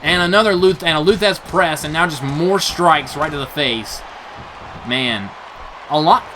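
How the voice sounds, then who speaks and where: A young man giving excited play-by-play commentary on a wrestling match, reacting with gasps and laughs. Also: on the high side, unhurried, background noise. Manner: animated, gasping "oh no" reactions, laughs often. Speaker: play-by-play commentator for a video game wrestling show.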